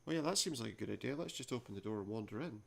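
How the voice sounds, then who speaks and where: A man's voice: medium pitch, animated, very fast, creaky, slight background noise. A man hosting a let's play, reading the game's text aloud and dropping wry, joking asides.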